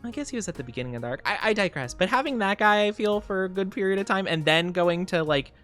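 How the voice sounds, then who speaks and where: A woman's voice: medium pitch, lively intonation, fast, soft background music. Giggly rambling young woman streamer. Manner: giggly, rambling, greets viewers warmly. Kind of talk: casual chat with stream chat.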